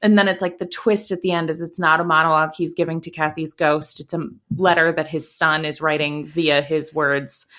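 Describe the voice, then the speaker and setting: A woman's voice: deep voice, fairly even intonation, fairly quick, few pauses, fairly bright tone. A woman co-hosting a podcast, chatting casually about a film and quoting characters. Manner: chatty, swears, plays out characters' lines. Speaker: podcast co-host. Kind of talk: casual chat recapping a film.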